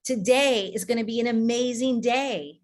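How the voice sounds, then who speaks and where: Woman, breathwork coach on a video call, slow calm counting, slightly high voice. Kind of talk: guided breathing and meditation session.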